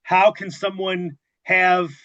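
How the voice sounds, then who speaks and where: A man hosting a casual interview, asking questions in a halting way with frequent fillers. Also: high voice, level tone, sharp tone, muffled recording. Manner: halting, many fillers and restarts. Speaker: podcast host.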